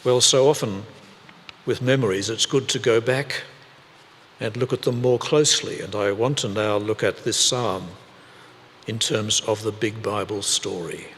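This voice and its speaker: A man preaching a sermon in a church, speaking deliberately with pauses and repeated phrases. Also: lowish voice, fairly bright tone, long reverb tail, a little hiss or hum. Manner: slow, deliberate delivery with pauses and repetition.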